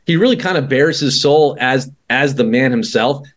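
A man's voice: medium pitch, moderate pace. A man with an ordinary mid-range voice co-hosts a casual podcast. He jokes around and wanders through his points, restarting phrases as he goes. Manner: joking, rambling with restarts and laughs. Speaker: podcast co-host. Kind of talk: casual film chat.

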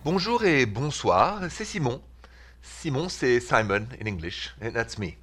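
A man from France with a French accent, hosting a relaxed, chatty call-in show about love and relationships. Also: mid-range voice. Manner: relaxed, chatty, with filler pauses. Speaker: radio advice host. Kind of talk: call-in advice talk.

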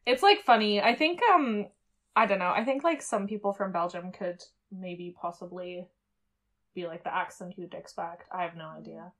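Co-hosting a casual podcast from Germany, this woman speaks at a normal speed in a lowish, slightly bright voice. She's chatty, laughs often and uses lots of fillers.

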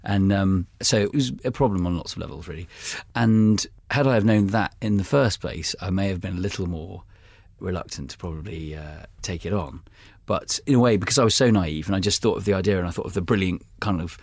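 A man's voice: low-pitched, fairly quick, no echo. A British man, a guest author, telling a self-mocking, humorous story in a rambling, casual way.

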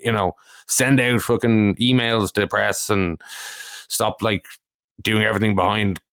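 A low-voiced man chats casually as a podcast co-host. He speaks in a relaxed way and swears now and then. The recording is dry and close. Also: unhurried, no room sound.

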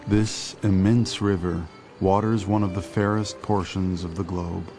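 A man reading a historical passage aloud in a slow, measured way. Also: sits low, steady tone, warm tone, faint music behind.

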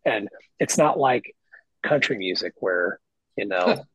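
A middle-aged man, a guest guitarist, telling stories in casual podcast chat with lots of swearing and animated emphasis. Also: fairly low pitch, slow pace, slightly rough, dry recording, dull audio. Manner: profane, animated storyteller. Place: lives in Nashville.

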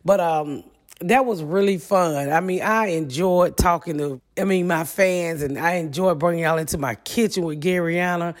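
A woman's voice: fairly low pitch, normal speed. A woman in her forties with a Midwestern US accent, hosting a podcast in a brash, profane, comic solo monologue. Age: 40s. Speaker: podcast host.

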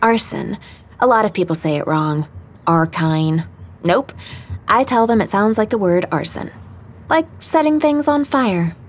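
A woman reading an audiobook, voicing a calm young woman who explains things simply and matter-of-factly. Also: mid-range voice, moderate pace, husky.

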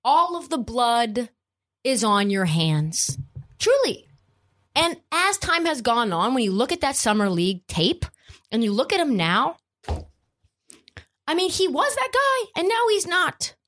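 A woman's voice: high voice, sing-song, unhurried, pauses often, a bit bright. A woman hosting a podcast, ranting about sports in a blunt, profane and emphatic way. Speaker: podcast host. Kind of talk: opinionated sports podcast rant.

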